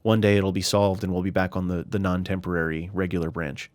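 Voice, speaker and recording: A man with a lowish voice talks casually over a game, as if he were at his desk. He is chatty and relaxed, restarts his sentences and leans on filler words. The recording is dry and close, with no room sound. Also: brisk, no room sound. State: slightly out of breath. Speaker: gaming YouTuber. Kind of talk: casual screen-recorded tutorial commentary.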